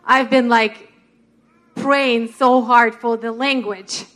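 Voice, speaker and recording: A woman's voice: a little high, fairly even intonation, takes it slowly, a bit bright. A woman with a Russian accent sharing earnestly and personally in a sermon. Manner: earnest, personal, laughs at herself.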